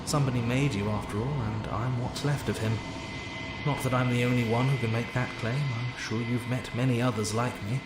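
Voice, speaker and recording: Man playing a disembodied echo of a narrator, cryptic and measured, video game voice, roomy echo, noisy background. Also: medium pitch, fairly even intonation, close to an everyday voice. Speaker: game character.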